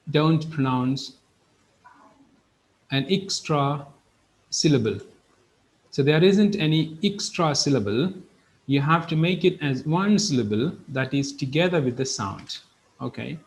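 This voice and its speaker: A male English teacher leads a live online lesson. His voice sits a little high, and he speaks unhurriedly, with careful pauses. He says each example word twice so his students can follow. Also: poor audio. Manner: slow, patient, repeats each word twice.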